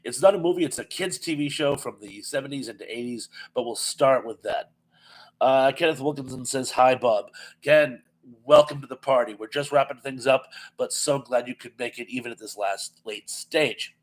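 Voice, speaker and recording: A man's voice: mid-range voice, moderate pace, low-quality recording. A man hosting a casual live-stream chat, reading viewer comments aloud with lots of ums and easy laughs. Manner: chatty, laughs easily, reads comments aloud with many fillers.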